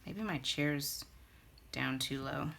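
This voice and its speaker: A woman's voice: extremely low pitch, slow, creaky, heavy background noise. A young woman chatting her way through a card-making tutorial, gushing about papers and colors and thinking aloud as she works at her craft table.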